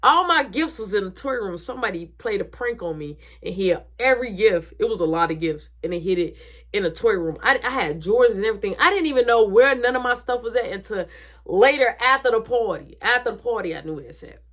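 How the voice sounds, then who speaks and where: A woman's voice: medium pitch, animated, fairly quick, fairly bright tone. A woman telling a story in a casual, dramatic way, swearing freely.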